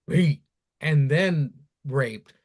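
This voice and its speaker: A man hosting a podcast, recounting a story in a matter-of-fact, low-key way during casual chat. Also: very slow, darkish tone, no echo, clean studio sound. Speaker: podcast host.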